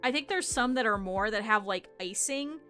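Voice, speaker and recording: A woman's voice: on the high side, animated, moderate pace, bright, forceful tone, soft background music. A woman streamer chatting casually with her viewers while she sews, with laughing asides. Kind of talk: casual livestream chat while sewing.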